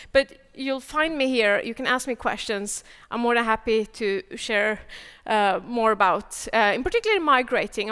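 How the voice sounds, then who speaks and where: Chatty woman presenting at a tech conference, smooth clear voice, big hall reverb. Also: a little high. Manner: energetic, chatty presenter giving advice. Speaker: conference speaker. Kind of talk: technical conference talk.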